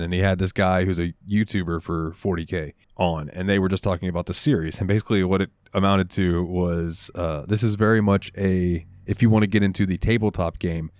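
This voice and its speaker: Young guy on a gaming podcast, kinda deep, um-ing and like-ing through long stories. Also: steady tone, fairly quick, hardly any pauses, darkish tone, no room sound, studio quality. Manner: rambling storyteller, lots of ums and likes. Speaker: podcast co-host. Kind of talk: casual chat.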